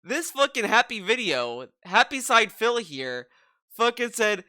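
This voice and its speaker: A man rants through a reaction commentary with a lively, swooping delivery and heavy swearing. His voice is bright, smooth and dry, close to the mic with no room sound. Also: sits high, a little slow, dry recording. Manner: mocking, profane, animated ranting. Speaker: commentary video host.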